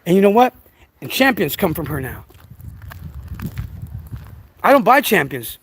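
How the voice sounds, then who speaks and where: A man's voice: high-pitched, big pitch swings, unhurried, fairly bright tone, slight background noise. A man talking casually to camera about raising his dogs, rambling and preachy, with many restarts and fillers, outdoors. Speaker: dog breeder.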